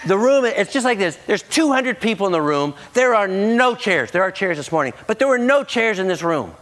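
Animated man preaching, acting out his story. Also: sits high, a little fast. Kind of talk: sermon with storytelling.

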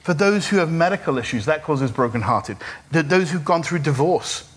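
A middle-aged man preaching a sermon to a church congregation, animated and humorous, with call-and-response. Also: fairly high pitch, normal speed, slight background noise. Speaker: pastor. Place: church service.

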